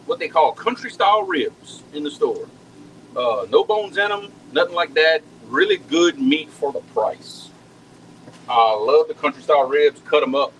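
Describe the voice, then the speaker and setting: A man's voice: fairly high pitch, expressive, moderate pace, a bit bright, slight background noise, low-quality recording. A man, chatting casually with viewers while cooking at home, folksy and talkative, often repeating words as he goes. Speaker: home cook hosting a live cooking stream.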